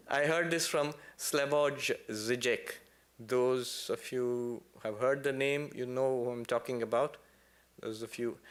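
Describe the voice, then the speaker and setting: Before a temple congregation, a man gives a spiritual talk full of lively stories. Playful asides pop up throughout, along with sudden emphatic peaks where his voice jumps high.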